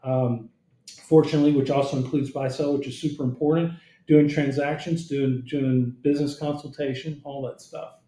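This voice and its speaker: A man's voice: medium pitch, fairly even intonation, normal speed, dark tone. A man hosting a podcast, chatting in a friendly, conversational way and reading out his guest's background. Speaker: podcast host. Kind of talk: casual podcast interview. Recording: roomy echo.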